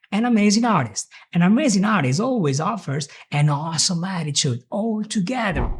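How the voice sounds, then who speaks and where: A young man teaching an online English lesson, drilling phrases slowly and then at full speed. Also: sits high, darkish tone, husky.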